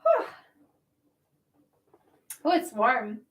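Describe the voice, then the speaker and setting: Woman livestream host, high voice, chatty and emotional, a little far off the mic. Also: huge pitch swings, drawn-out words. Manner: warm, chatty, emotional at times, laughing often. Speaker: livestream host reading chat comments. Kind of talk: casual livestream chat. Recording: roomy echo, mic at a distance.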